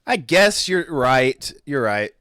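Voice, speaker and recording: A man co-hosts a podcast in a sing-song, medium-pitched, slightly bright voice, speaking at a slow pace. Casual and rambling, he stumbles over words and keeps correcting himself. The audio is dry and studio quality.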